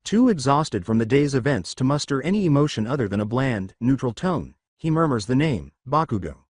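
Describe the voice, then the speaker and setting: A man narrating fan fiction in a steady, scripted storytelling manner. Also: mid-range voice, fairly quick, no echo, studio quality.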